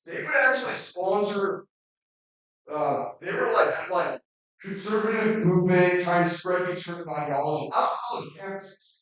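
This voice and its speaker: A man's voice: high-pitched, normal speed, a bit bright. A man giving a classroom lecture in a rambling, conversational way, with many fillers and restarts. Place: lecture room. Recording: muffled, very echoey, distant.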